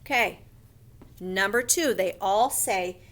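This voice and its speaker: Speaking in a calm, slow teacher's voice, a woman leads a first grade grammar lesson recorded for online viewing. She lifts her pitch here and there to demonstrate an excited sentence and sometimes whispers a short aside to herself.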